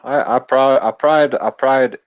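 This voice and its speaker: A man's voice: mid-range voice, measured pace. English male commentator, profane and meandering, stumbling repeats, slightly muffled recording. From England. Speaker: YouTube commentator. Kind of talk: casual rant.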